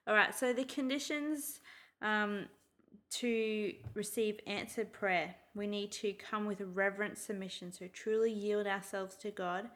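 A woman's voice: medium pitch, a little slow, a bit bright. Chatty woman hosting a church podcast. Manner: chatty, leads the discussion with frequent "um"s. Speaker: podcast host. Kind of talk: casual church podcast chat.

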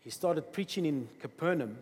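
A man preaching a sermon, emphatic, swinging between loud bursts and quiet asides. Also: fairly high pitch, lively intonation, moderate pace, husky. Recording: long reverb of a large hall.

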